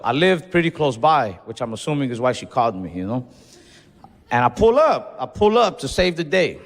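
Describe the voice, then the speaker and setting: A young man doing stand-up, telling a story with animated, profane, self-mocking energy on a comedy club stage. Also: a little high, gravelly. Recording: live club with reverb and faint noise.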